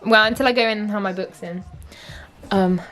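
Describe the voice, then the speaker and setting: A woman's voice: medium pitch, steady tone, brisk, a bit bright, soft background music. A young woman, talking casually to camera in a rambling, chatty way full of fillers. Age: young adult. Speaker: vlogger. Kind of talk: casual vlog chat.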